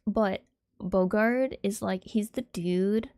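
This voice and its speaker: A young woman livestreamer chatting casually with viewers in a soft, airy, giggly way, rambling with lots of fillers. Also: medium pitch, takes it slowly, dry recording, studio quality.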